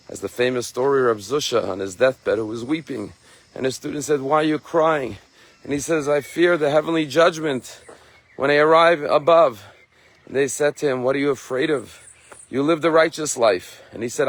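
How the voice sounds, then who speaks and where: Man giving a warm-hearted sermon, dry sound. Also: mid-range voice, no echo. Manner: storytelling, gently encouraging. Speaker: rabbi.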